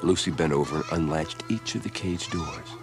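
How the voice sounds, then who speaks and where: A man reading a children's storybook aloud in an expressive, unhurried way. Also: rumbling low. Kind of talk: read-aloud storybook narration. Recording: background music.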